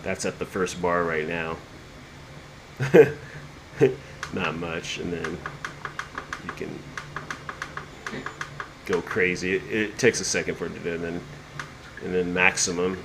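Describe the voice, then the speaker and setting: A man with a lowish voice walks through his lab gear in a loose, rambling way. He stops and restarts often and leans on plenty of fillers. A steady air-conditioning hum runs clearly underneath. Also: slow pace, long pauses. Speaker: lab tour host. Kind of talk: casual show-and-tell. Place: home lab room.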